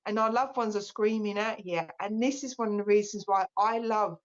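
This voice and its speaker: A relaxed woman in her forties talks on a live spiritual stream, chatty and openly emotional. Her voice sits at an ordinary middle pitch. The stream audio is a little dull and lo-fi. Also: moderate pace. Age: 40s. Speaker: psychic medium.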